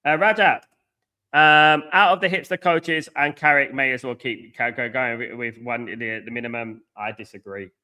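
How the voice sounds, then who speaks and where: A man's voice: mid-range voice, fairly even intonation, moderate pace, bright, forceful tone. A middle-aged man hosting a live football watchalong, reading out viewers' chat messages and arguing back bluntly. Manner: blunt, argumentative, reads out and scolds chat viewers. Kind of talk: live match reaction and chat banter.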